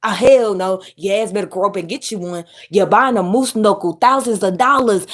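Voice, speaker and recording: A woman delivers a blunt, profane rant. She lectures hard in a steady, mid-range voice, talking straight at her viewers. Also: mid-range voice, moderate pace, few pauses. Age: adult mother. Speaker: commentary YouTuber. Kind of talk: ranting commentary.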